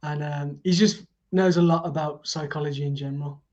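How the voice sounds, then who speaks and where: A man's voice: fairly high pitch, fairly even intonation, brisk, a little mellow, highs cut off. A man being interviewed as a guest, talking in an easygoing, reflective way. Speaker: festival organiser and guest. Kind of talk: casual interview chat.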